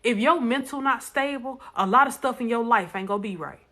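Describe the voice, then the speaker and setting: A woman's voice: a little high, fairly quick, fairly bright tone. A woman speaking bluntly and emphatically to viewers in a casual live stream, repeating lines for stress. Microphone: phone.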